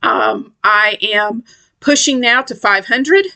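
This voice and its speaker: A woman's voice: fairly high pitch, slow pace, pushed and bright. A middle-aged woman from West Tennessee, chatting casually about her crochet projects and rambling with lots of ums and restarts. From West Tennessee, USA. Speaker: crochet channel host. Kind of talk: casual craft vlog chat.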